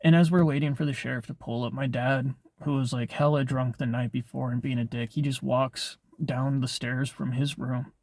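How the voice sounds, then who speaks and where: A man's voice: mid-range voice, steady tone, moderate pace, few pauses, darkish tone, no room sound, clean studio sound. A young man casually telling a personal story on his vlog, rambling, with lots of filler words and swearing. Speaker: vlogger.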